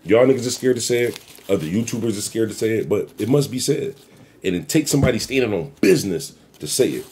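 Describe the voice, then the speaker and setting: A man hosting his own commentary show, talking bluntly and profanely in a rambling, animated way. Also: on the low side, fast. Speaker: YouTube commentary host. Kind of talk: casual commentary rant.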